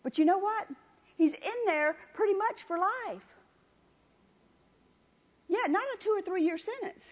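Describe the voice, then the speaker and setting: A woman's voice: very high-pitched, expressive, unhurried. A woman preaching a sermon with emphatic repetition, calling on the congregation to answer. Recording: dull lo-fi recording.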